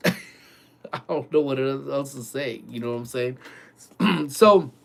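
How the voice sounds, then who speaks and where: A man's voice: mid-range voice, takes it slowly, vocal fry. Casual man telling a spooky story. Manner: animated, lots of "like" and "dude". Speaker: vlogger. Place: workplace office, early morning.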